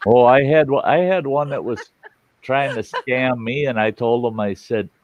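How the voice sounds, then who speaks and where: A man's voice: mid-range voice, moderate pace, highs cut off, a little hiss or hum. A man hosting a casual group chat, telling stories with a joking manner. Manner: joking storyteller.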